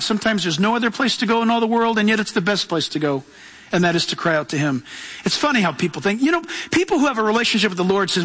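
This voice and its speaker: A man preaching as a pastor, emphatic and lively, acting out voices as he tells the story. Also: very high voice, in a large hall. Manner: emphatic, acts out voices in his telling. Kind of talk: sermon.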